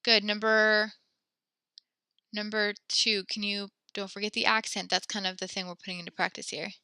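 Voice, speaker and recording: Bright-toned woman teaching French online. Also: mid-range voice, little pitch movement, clean tone, dry recording. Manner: patient, encouraging, reads French slowly.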